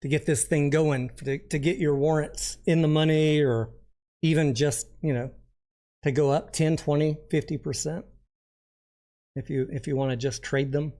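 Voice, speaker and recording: A man's voice: on the high side, fairly even intonation, moderate pace, warm tone. A man hosting a casual livestream, chatting and joking while reading viewer comments aloud. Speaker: livestream host.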